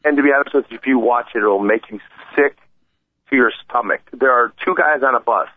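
A man's voice: mid-range voice, a little fast, dry recording. Fired-up man on a tinny phone line. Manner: heated, animated storytelling. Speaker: radio show co-host. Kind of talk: sports talk radio chat.

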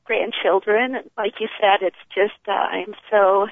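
An older woman, an author, telling her life story in an interview, animated and often laughing as she acts out the people in it. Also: medium pitch, unhurried, no room sound. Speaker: author and guest. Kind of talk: emotional personal storytelling. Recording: tinny phone line.

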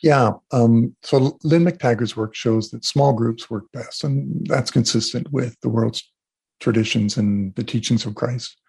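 A man being interviewed as an energy healer, telling animated stories and acting out what people said. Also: medium pitch, measured pace, vocal fry, slightly rough. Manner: animated storyteller, acts out quotes. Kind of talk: casual interview talk.

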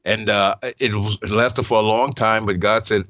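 Hosting a Christian call-in radio show, a New York man earnestly shares a personal testimony, stammering and restarting. His voice is fairly low, steady, a bit bright, at normal speed, with no echo but muffled broadcast audio.

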